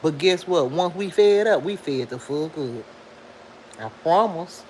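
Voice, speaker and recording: On a casual livestream, a middle-aged woman chats loosely and reads viewer comments aloud at a measured pace, her lively voice swooping high for emphasis. The recording is rough, with a little hiss or hum.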